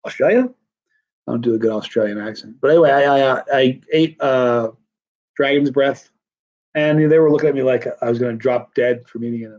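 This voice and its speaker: A man's voice: mid-range voice, brisk, a little mellow, lo-fi sound. A middle-aged man hosting a hot-pepper challenge live stream, chatting casually and rambling through comments with lots of restarts.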